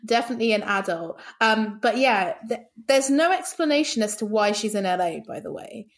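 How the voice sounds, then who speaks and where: A woman co-hosting a podcast, chatting about a film in an animated, playfully sarcastic way, often laughing. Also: mid-range voice, brisk. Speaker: podcast co-host. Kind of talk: casual chat about a film.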